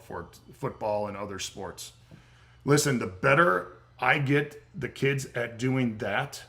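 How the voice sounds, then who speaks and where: A man's voice: medium pitch, creaky, a bit bright. A middle-aged man coaching in a livestream Q&A, blunt and profane, getting fired up as he loses his voice. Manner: blunt, swears freely, gets fired up. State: losing his voice. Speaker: strength coach hosting a livestream Q&A. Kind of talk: casual livestream Q&A, profane and emphatic.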